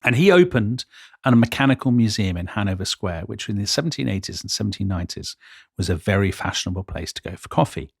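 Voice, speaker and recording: A man's voice: on the low side, lively intonation, fast, vocal fry, slightly rough. A man tells history stories to his co-host with real enthusiasm, reading out old quotes with relish. The sound is dry and close, with no room echo. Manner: enthusiastic storyteller, quoting old accounts with gusto. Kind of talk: storytelling history chat.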